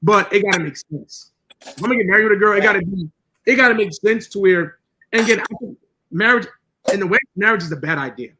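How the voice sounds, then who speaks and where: A man's voice: sits high, fast, bright, forceful tone, a little hiss or hum, poor audio. A man co-hosting a podcast, talking casually in a blunt, profane, lecturing way. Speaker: podcast co-host.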